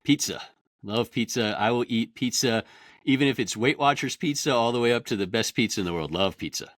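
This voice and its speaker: A middle-aged man, a podcast guest, talking fast and with lots of energy in a casual interview. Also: mid-range voice, no echo, clean studio sound. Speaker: guest, industry consultant.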